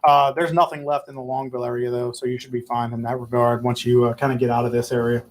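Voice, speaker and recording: A slightly hoarse man, a meteorologist, giving a relaxed, conversational live weather briefing and answering viewer reports. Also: medium pitch, fast, slight background noise. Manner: relaxed, conversational, plenty of filler words. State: hoarse, losing his voice.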